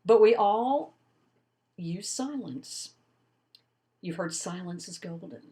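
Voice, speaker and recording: An older woman lectures in a recorded class. Her voice sits fairly low, and her delivery is demonstrative and expressive, with lively emphasis. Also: slow pace. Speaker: college instructor.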